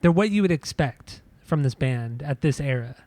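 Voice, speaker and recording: A man co-hosting a podcast, giving a casual album review in halting speech full of restarts and fillers. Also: medium pitch, expressive, a little mellow, dry recording. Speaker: podcast co-host. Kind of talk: casual music review chat.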